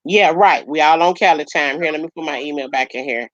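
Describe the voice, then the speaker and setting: A woman's voice: low voice, a little fast, muffled recording. A woman hosting a casual livestream chat, talking affectionately and calling people baby and honey. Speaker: livestream host.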